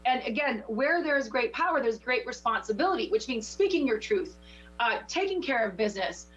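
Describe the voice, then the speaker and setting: A woman with a fairly high voice coaches someone through a card reading, talking with passion and a preacher's push. The sound is dull and lo-fi, like local TV audio. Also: expressive, brisk, a bit bright. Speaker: spiritual teacher giving oracle card readings. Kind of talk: intuitive coaching chat.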